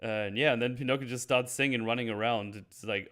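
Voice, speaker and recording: A man hosting a casual film review chat, laughing often and acting out characters in quick voices. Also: medium pitch, steady tone, a bit bright. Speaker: podcast host.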